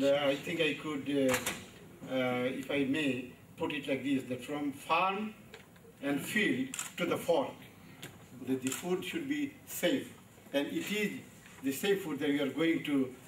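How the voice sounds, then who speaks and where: A man's voice: mid-range voice, recorded from a distance, slight background noise. A man giving an unplanned formal speech as a business chairman, hesitant and full of uhs. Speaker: business chairman invited to speak. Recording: echoey hall with crowd behind, off-mic.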